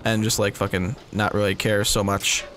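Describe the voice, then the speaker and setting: A man's voice: fairly low pitch, little pitch movement, moderate pace, fairly bright tone, slight background noise. A man hosting a let's play, giving casual gameplay commentary with laid-back, profane, giggly asides.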